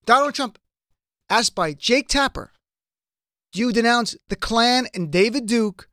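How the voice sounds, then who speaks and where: A man's voice: very high voice, a little slow, sharp tone, no room sound, studio quality. A man hosting a political talk show, making an emphatic, passionate case full of rhetorical questions. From United States. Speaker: radio show host. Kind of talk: political commentary.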